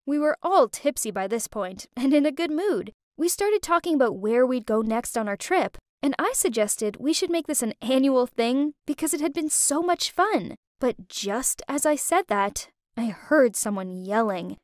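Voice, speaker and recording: A young woman narrating a dramatic first-person story in a lively, emotive way. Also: sits high, normal speed, hardly any pauses, no room sound, studio quality.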